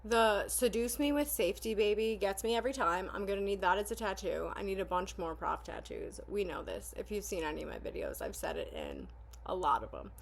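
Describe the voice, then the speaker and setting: A woman's voice: medium pitch, expressive, brisk, creaky, very noisy. Woman, casual reaction vlogger, candid and rambling, lots of "um"s. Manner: candid and rambling, with frequent fillers. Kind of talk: casual spoken commentary and prayer reading.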